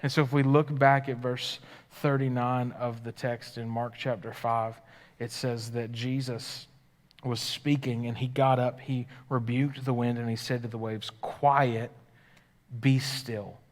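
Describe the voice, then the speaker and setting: A male pastor preaching live to his congregation in a church hall, and his voice carries a long reverb off the room. His pitch sits mid-range. His delivery rises into loud, eager bursts and then drops to soft, hushed lines. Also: a little slow. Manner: dynamic preaching, swings from loud and excited to hushed and quiet. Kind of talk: live sermon. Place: church sanctuary.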